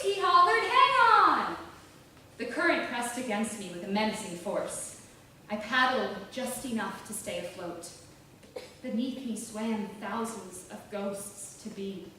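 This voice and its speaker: A woman giving a measured, deliberate literary reading of a novel. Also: medium pitch. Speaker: author reading her novel. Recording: roomy, distant, faint hiss.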